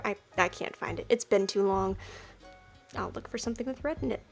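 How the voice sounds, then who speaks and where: A woman's voice: mid-range voice, brisk, creaky, faint music behind. A young adult woman streaming a game, chatting casually and poking fun at her own attempts at voices. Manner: self-deprecating and chatty.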